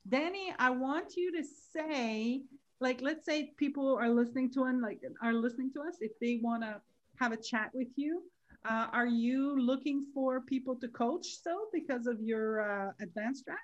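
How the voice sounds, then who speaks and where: A woman, hosting a casual podcast, chatty and quick to laugh. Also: high voice, lo-fi sound. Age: 40s. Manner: chatty, laughs easily, trails off. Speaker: podcast host.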